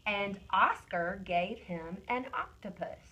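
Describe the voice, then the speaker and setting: A woman reading teacher giving a one-on-one phonics lesson, stretching out sounds slowly and praising often, recorded on a phone camera. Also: mid-range voice, expressive, pushed and bright, slight background noise, low-quality recording. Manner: slow, drawn-out modeling of sounds and words; encouraging praise.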